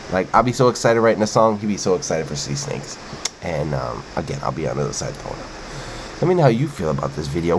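Male reaction host, slightly low voice, loose repetitive banter, faint background hum. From Brooklyn, New York. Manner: chatty, repeats himself, playful. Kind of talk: casual video reaction commentary.

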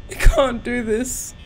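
High, panicky young woman gamer. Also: slight background noise. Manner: panicky, gasping, swearing under her breath. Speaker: gaming channel host. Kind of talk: horror game let's-play commentary.

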